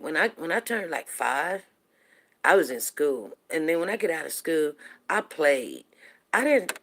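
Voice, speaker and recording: A middle-aged woman hosting a show, casually telling a personal story to her viewers, animated and repeating herself as she talks to them directly. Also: low voice, a little hiss or hum. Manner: animated, repeats words, asks listeners "you know what I'm saying".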